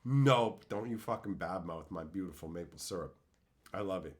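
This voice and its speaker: A man's voice: low-pitched, a little fast. A young man streaming and answering chat in a crude, profane, mocking way, ranting and laughing at his own jokes.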